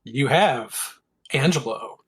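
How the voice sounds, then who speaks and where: A man, a podcast guest, explaining his hobby project in a modest, measured way. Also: medium pitch, expressive, breathy edge, dry recording. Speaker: podcast guest, cube designer. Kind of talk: casual podcast interview.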